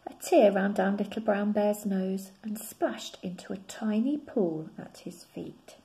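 A woman teacher reading a children's picture book aloud in an expressive way. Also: mid-range voice, a little hiss or hum. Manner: slow and expressive.

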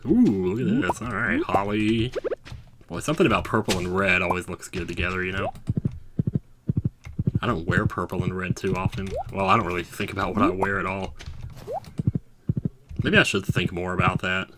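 A man's voice: low-pitched, little pitch movement, fairly quick, pauses often, very noisy. A man giving casual gameplay commentary, rambling through musing asides. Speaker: let's play gamer. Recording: clear game music underneath. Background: game music.

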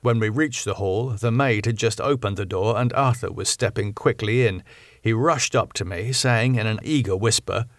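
A man narrating a classic novel in a measured, clear storytelling manner. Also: on the low side, dry recording, studio quality. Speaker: audiobook narrator. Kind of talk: scripted narration.

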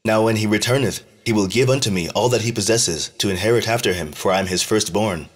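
Man reading young Ishmael, self-assured, low husky voice. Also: fast talker, natural voice. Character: Ishmael, a proud young firstborn son.

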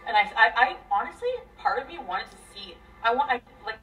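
Upset woman ranting n swearing, goes loud then real quiet, sounds kinda distant. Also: on the high side, expressive, fairly quick, few pauses, slight background noise. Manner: profane, rambling, agitated, swings loud and soft. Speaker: guest telling her story. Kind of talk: emotional venting.

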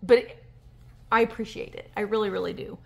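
A woman, chatting casually on a handheld phone vlog as she reads fan mail and opens a gift, emotional and gushing with breathy gasps. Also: medium pitch, steady tone, a little fast, darkish tone. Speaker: vintage reseller vlogger. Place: indoors at a table. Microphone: handheld phone camera.

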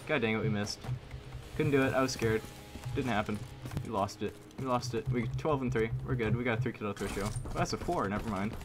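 A man giving live commentary over his own gameplay, excitable, repeating himself and using mild minced oaths. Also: medium pitch, fairly quick. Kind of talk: live video game commentary. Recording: loud game gunfire under voice. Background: gunfire and shooting game sounds.

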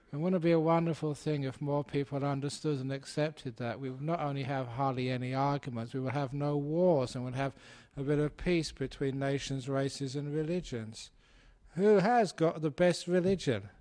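A man's voice: mid-range voice, a little mellow. A man, a Buddhist monk, giving a humorous dharma talk and telling a story. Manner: storytelling, playful, does animal sounds.

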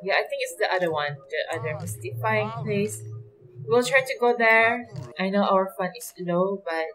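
A woman hosting her own gaming channel, giving casual let's-play commentary. She is chatty and excitable, laughs often, and talks straight to the characters on screen. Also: medium pitch, normal speed, rough recording. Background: faint background music.

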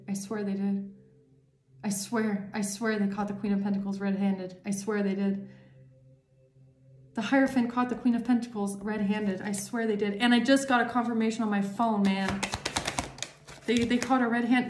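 A woman giving a tarot reading to her viewers, excitable and repeating herself, her voice jumping up high when thrilled. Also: normal speed, reverberant. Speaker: tarot reader.

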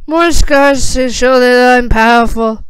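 A woman voicing a cocky, self-sacrificing teenage boy wizard in a fan fiction reading, slow and even. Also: fairly high pitch, smooth, no echo, poor audio. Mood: sheepish.

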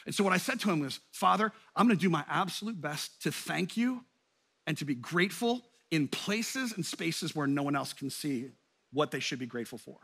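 Bright, animated male pastor preaching. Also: normal speed, creaky, husky. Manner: animated, swells loud and high for emphasis. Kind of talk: sermon.

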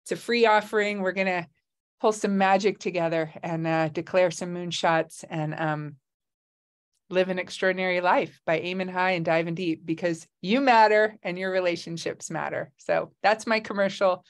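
A woman's voice: lowish voice, fairly even intonation, normal speed. Effusive middle-aged woman host. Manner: effusive, emotional, laughs often. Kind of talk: casual chat. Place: home in Hawaii. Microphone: video call.

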